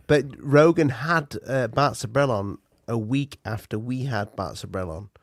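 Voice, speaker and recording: A man hosting a podcast in casual chat, halting and full of fillers. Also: mid-range voice, no echo, studio quality. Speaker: podcast host.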